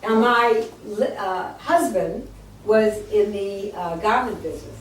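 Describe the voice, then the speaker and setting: A woman in her eighties telling her life story to a live audience, lively and jokey, acting out quotes. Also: mid-range voice, slow, a little hiss or hum. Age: 80s. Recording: echoey room, distant mic.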